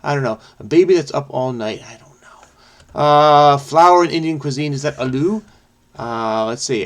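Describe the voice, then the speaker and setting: A man hosting a crossword video, thinking aloud in a rambling, self-questioning way as he solves. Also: on the high side. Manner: rambling, self-questioning, frequent "I don't know". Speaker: crossword solving video host. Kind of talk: casual think-aloud puzzle solving.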